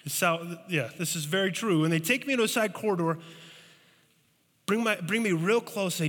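A man preaching a sermon as pastor, telling stories with animated, acted-out voices. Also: high voice, normal speed, in a large hall. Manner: animated storytelling, acting out scared voices.

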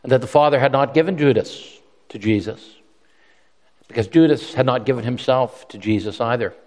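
A man's voice: mid-range voice, moderate pace. Man preaching in a reverberant hall. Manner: conversational, repeats words, animated voices for quotes. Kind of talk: sermon.

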